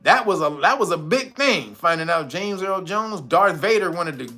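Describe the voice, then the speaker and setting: A man in his forties hosting a casual monologue, animated and emphatic, often laughing and swearing. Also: high-pitched, moderate pace. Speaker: channel host.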